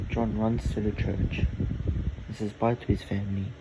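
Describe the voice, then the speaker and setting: A man improvising a fantasy story, talking slowly and haltingly in short phrases. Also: fairly low pitch, flat delivery, very noisy.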